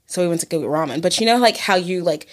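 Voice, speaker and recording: A woman's voice: fairly low pitch, expressive, quick pace. Laughing young woman podcast co-host. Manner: laughs through stories, swears casually. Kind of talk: casual chat.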